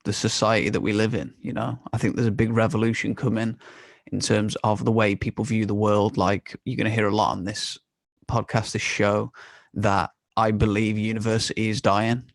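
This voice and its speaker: Young man, podcast host, low voice, even delivery, casual candid monologue. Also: normal speed, gravelly, dry recording. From United Kingdom. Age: young adult. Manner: candid and conversational, swears and laughs often.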